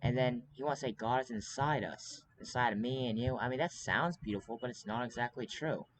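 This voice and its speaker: A man in a casual monologue to camera, rambling on with urgency and plenty of ums and restarts. His pitch sits in an everyday middle range. A steady noisy hiss runs behind him. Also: fairly quick.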